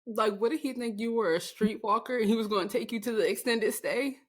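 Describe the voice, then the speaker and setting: A young woman co-hosting a podcast, chatting casually with quick, teasing remarks and frequent laughter. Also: fairly high pitch. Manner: quick-witted, teasing interjections, laughs often. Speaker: podcast co-host. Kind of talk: casual chat.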